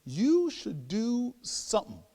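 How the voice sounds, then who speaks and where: A man putting on a high, teasing old lady. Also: wildly swooping pitch, slow pace, gravelly, warm tone, a little hiss or hum, full character voice. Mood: knowing. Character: proud, teasing elderly woman neighbor. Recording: long hall reverb.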